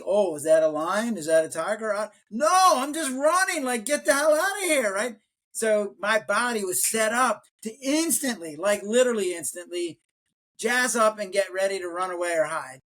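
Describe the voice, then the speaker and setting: Animated retired doctor telling stories. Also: male voice, high-pitched. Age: older. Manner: animated storyteller, acts out quotes in raised voice. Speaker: podcast guest, retired physician. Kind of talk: casual interview talk.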